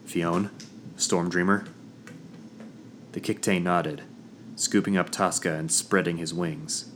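A man narrating a first-person fantasy audiobook in a measured, dramatic storytelling manner. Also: sits low, steady tone, a little hiss or hum.

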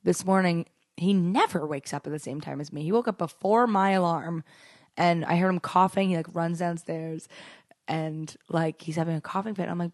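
A young woman co-hosting a casual podcast chat, telling stories in an animated way and laughing often. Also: on the low side, fast talker, dry recording, clean studio sound. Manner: animated storytelling, acts out quotes, laughs often. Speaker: podcast co-host.

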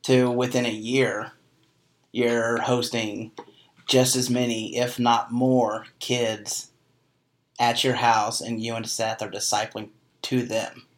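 A man's voice: mid-range voice, little pitch movement, slow. A man hosting a casual interview, emphatically recapping his guest's story. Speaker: host.

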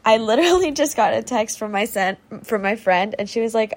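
A woman's voice: fairly high pitch, animated, a little fast, vocal fry, darkish tone. A young woman hosting her own podcast, rambling and ranting casually with lots of fillers and swearing, on a faulty home microphone. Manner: chatty, swears freely, rambling with many fillers. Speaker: podcast host. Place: at home with a squeaky chair.

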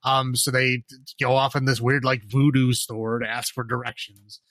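A man co-hosting a podcast, chatting casually about a horror film, sarcastic and animated, with lots of fillers and laughs. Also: mid-range voice, moderate pace, no room sound. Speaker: podcast co-host. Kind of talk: casual horror movie chat.

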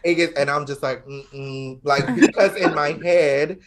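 A man's voice: a little high, moderate pace, a loud crowd. A man from Georgia in the American South, hosting a casual podcast chat, playful and teasing. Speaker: podcast host.

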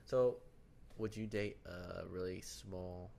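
A young man co-hosting a podcast, brash and animated in casual banter, swearing freely. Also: sits low, takes it slowly, gravelly, slight background noise. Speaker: podcast co-host.

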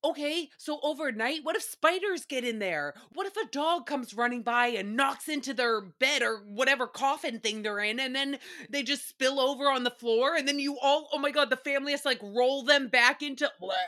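A woman hosts a solo recap podcast, rambling in a chatty, animated way and swearing freely. Her voice is bright and fairly high, and she talks at a normal speed with few pauses.

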